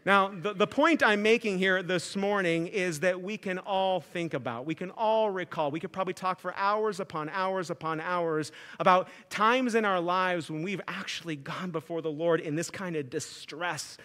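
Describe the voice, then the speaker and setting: Bright, high-voiced man preaching a sermon. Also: moderate pace, hardly any pauses. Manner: earnest, builds to emphatic, fervent preaching with frequent "like". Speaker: pastor.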